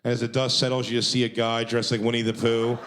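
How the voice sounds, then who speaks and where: A man's voice: mid-range voice, completely flat delivery, fast talker, noisy background. Profane, self-deprecating stand-up man. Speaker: stand-up comedian. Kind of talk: stand-up storytelling.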